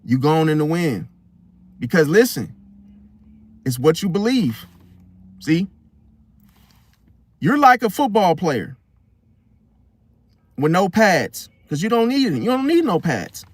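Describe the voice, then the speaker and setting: A man hosting a casual astrology monologue, talking in an animated way and often asking his listeners "See?". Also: on the high side, takes it slowly, long pauses, no room sound. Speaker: host.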